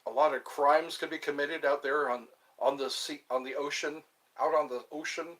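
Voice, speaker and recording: A man chatting alone on a livestream, rambling slowly from thought to thought with the odd laugh. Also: fairly high pitch, steady tone, fairly bright tone. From US East Coast. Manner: slow, meandering, talks to himself, laughs. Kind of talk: rambling solo livestream chat.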